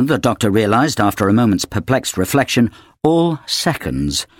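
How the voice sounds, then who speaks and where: A man narrating an audiobook with an expressive, dramatic reading. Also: medium pitch, dry recording, studio quality.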